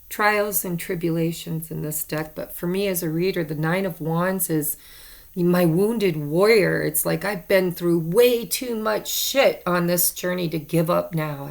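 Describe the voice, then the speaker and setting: A woman's voice: on the low side, unhurried, creaky. A woman giving a casual tarot card reading to her viewers, chatty and repeating herself for emphasis. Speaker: tarot reader.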